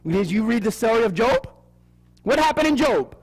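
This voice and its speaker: Male seminar preacher, high and animated, asks the crowd questions, acts out the voices he quotes. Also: moderate pace, breathy edge. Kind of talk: Bible prophecy sermon.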